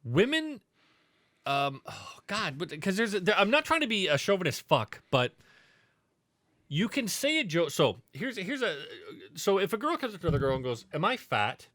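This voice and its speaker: Bright, lively man telling rambling jokes. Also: high-pitched, moderate pace, no echo, clean studio sound. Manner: rambling, profane joke-telling. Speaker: podcast co-host. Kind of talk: casual chat.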